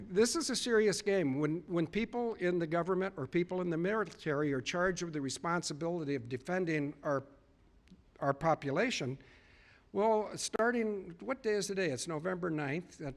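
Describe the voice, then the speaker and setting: His pitch is fairly high and his delivery a little fast. A public speaker, he gives a storytelling speech to a live audience, earnestly retelling conversations and stressing them through repetition.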